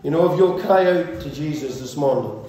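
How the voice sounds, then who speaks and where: A man's voice: on the high side, lively intonation, moderate pace, mellow. A male pastor preaching a sermon with fervent, repetitive, rhythmic build-ups. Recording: very echoey church hall, faint ambience.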